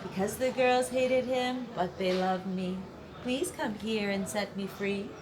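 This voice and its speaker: A woman's voice: mid-range voice, measured pace, background noise, lightly acted. A woman voicing a small vain fly, pleading in a sing-song way.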